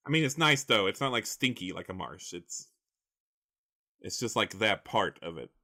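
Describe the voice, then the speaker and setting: A man's voice: on the low side, big pitch swings, normal speed, bright, forceful tone. A man narrating as game master in a rambling, hesitant way with many fillers.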